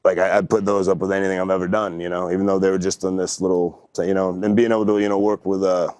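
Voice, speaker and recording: A man's voice: deep voice, level tone, quick pace, darkish tone, clear, resonant tone, no room sound. A young man, a podcast guest, telling a story in a laid-back, rambling way with lots of fillers. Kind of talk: casual storytelling.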